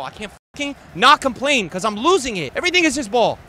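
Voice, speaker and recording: A young man streaming a football video game, swearing and ranting, with his voice swinging from low mutters to angry shouts. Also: sing-song, quick pace, slight background noise. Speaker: gaming streamer. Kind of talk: raging gameplay commentary.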